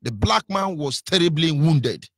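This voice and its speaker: A man's voice: fairly high pitch, expressive, a little slow, a bit bright, dry recording, clean studio sound. A man with a Nigerian accent giving an impassioned, preacherly radio talk, fiery and defiant. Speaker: radio broadcaster.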